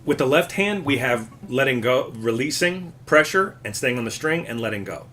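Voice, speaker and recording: A man teaching a live classical guitar lesson, explaining patiently and warmly encouraging his student. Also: medium pitch, lively intonation, normal speed, a little hiss or hum.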